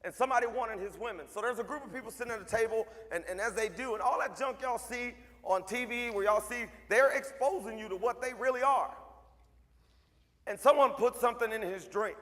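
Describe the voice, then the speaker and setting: A man's voice: extremely high pitch, fairly quick, a bit bright. A man giving a motivational speech to a school assembly as a mentor, telling stories emphatically and repeating lines for effect. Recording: long hall reverb.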